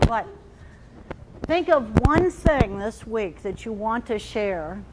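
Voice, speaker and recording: A woman trainer giving an animated workshop talk, acting out little quoted inner voices as she explains. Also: on the high side, takes it slowly, a little hiss or hum, poor audio.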